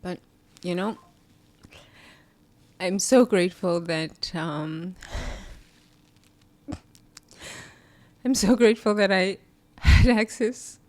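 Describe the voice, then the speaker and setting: Tearful woman speaking slowly. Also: medium pitch, a little mellow. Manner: halting, with sighs and long pauses. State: tearful, crying. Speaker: podcast host. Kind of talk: emotional personal reflection.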